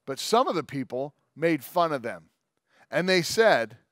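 A man preaching a sermon, his voice sitting a bit high for a man. He talks casually and jokes with quick asides, then reads scripture aloud at length. The recording is close and dry. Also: sing-song, fairly bright tone, dry recording. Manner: conversational and joking, with quick asides. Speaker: pastor.

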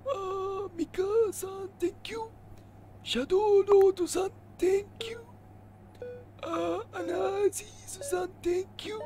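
A man voicing a cheerful old man in a squeaky, shouted high voice, as an impression of a streamer's bit. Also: steady tone, slow pace, faint music behind, exaggerated voice.

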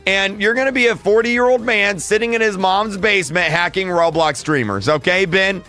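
High, bright-voiced young man ranting. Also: moderate pace, faint music behind. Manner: mock-ranting, roasting. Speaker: streamer. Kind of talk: gaming livestream chat.

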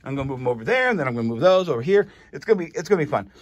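Lively high-voiced man reading shop sales. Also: racing, no echo. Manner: chatty, reads off prices, stumbles over item names. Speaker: comic shop host reviewing sales. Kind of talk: casual sales rundown. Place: comic and collectibles shop.

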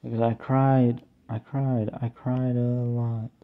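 A young man performing a homemade song, half sung and half spoken, in a plaintive, drawn-out way. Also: medium pitch. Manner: plaintive, slow, mostly flat talk-singing with drawn-out "ooh" cries. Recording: tinny phone-like recording.

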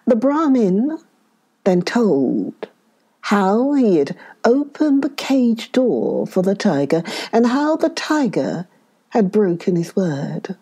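A woman narrating a children's story in a calm, measured way. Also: mid-range voice, slightly rough.

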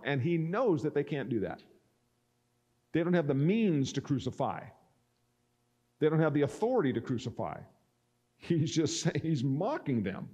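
A man preaches a sermon, stopping to read scripture and then acting out what each speaker might have said. His pitch swings widely, and he sits a touch above the usual male range. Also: sing-song, normal speed, dark tone. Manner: expository preaching that acts out speakers' words. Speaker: pastor.

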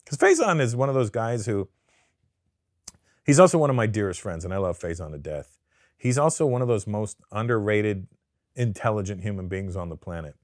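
Canadian-raised man guest, lowish voice, dry studio sound, loose profane storytelling. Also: a little fast, no room sound. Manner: profane, animated storyteller who acts out quotes. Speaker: guest comedian. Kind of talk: casual interview storytelling. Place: studio sit-down interview.

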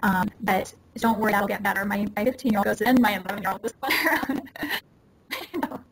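A woman's voice: mid-range voice, fairly even intonation, fast talker, slightly rough, poor audio. A woman in her forties, a parenting consultant, explaining things in a casual, earnest way and acting out little quotes as she goes. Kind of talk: casual interview talk. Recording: audible background noise.

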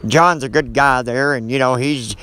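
A man voicing a blunt, cantankerous old man who talks gruffly and folksily, with mild cussing. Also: medium pitch, normal speed, pushed and bright, pitched below the performer's own voice, natural voice. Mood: folksy.

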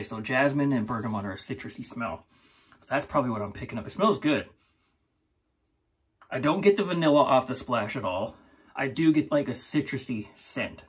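A man's voice: mid-range voice, a bit bright, husky. A man hosting his own shaving channel, chatting casually and rambling through a product review, laughing often.

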